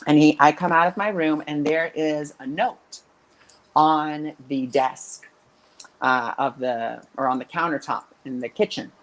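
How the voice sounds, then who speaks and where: A woman's voice: sits low, measured pace, poor audio. A woman who works as a spiritual intuitive coach, telling stories in a casual interview and acting out the voices of the people she quotes. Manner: animated, acts out quoted voices.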